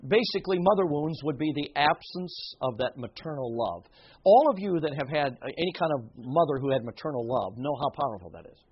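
A man's voice: on the high side, expressive, fairly quick, slightly rough, highs cut off. A man preaching a sermon in an earnest, emphatic way, with asides and short laughs.

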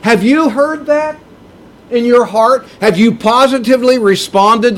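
A man preaching a sermon in a slow, emphatic way, with big swings in pitch for emphasis. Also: a little hiss or hum.

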